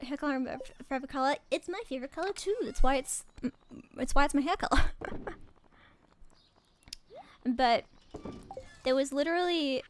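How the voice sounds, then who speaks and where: A woman's voice: sits high, moderate pace, pauses often, a little hiss or hum. A young Australian woman chatting casually while streaming a game, rambling and giggling as she talks. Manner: rambling, giggly, self-interrupting. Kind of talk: casual gaming stream chat.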